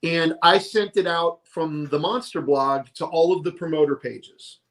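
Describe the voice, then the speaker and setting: A middle-aged man telling his career stories in a casual, animated interview, often quoting other people. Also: a little high, unhurried. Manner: animated, tells stories with quoted voices. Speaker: guest, monster truck announcer.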